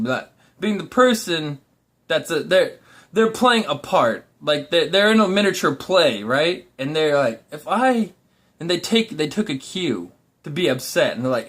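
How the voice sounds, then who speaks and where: A young man with a high voice rants casually to the camera. He is blunt and profane, and he keeps restarting his sentences as he rambles. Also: fairly bright tone. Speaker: vlogger. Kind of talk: casual ranting monologue.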